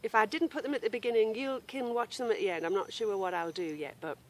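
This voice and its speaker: Outdoors in a grassy yard, a woman hosts a knitting podcast at a quick pace, her voice a little high. She chats casually, apologises for interruptions, and breaks off to call a dog that keeps wandering. Some slight background noise comes through.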